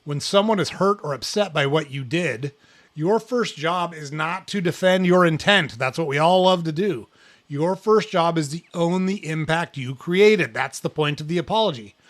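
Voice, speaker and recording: A man's voice: fairly high pitch, normal speed. A middle-aged man hosting an advice talk, blunt and emphatic, who swears freely and repeats words for punch. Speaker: podcast host.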